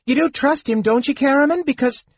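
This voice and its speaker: A man voicing a small, excitable male kender who talks in a high, breathless, stammering way, in a storybook reading. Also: a little slow, slightly rough, no echo, full character voice. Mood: pleading. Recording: dull lo-fi dry recording.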